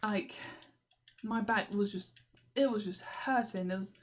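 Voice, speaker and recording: A woman's voice: mid-range voice, measured pace, a little hiss or hum. A young woman, rambling and exasperated in a video diary, laughing often. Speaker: vlogger. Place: walking through a station.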